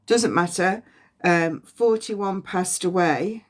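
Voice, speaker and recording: A woman giving a past-life psychic reading on a phone livestream, halting and repeating words as impressions come to her. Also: fairly low pitch. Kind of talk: livestream reading and guided release.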